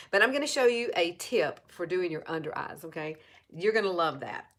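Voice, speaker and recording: Chatty Alabama Southern woman, low voice. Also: animated, a little fast, fairly bright tone. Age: 50s. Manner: chatty, repeats herself, talks straight to viewers. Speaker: makeup seller and vlogger. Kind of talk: casual live makeup tutorial.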